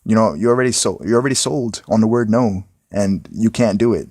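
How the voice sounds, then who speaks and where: A man's voice: lowish voice, fairly quick, darkish tone, husky, no room sound, studio quality. A young man talking into his smartphone in a rambling, casual motivational monologue, often asking "you know what I'm saying?". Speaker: vlogger.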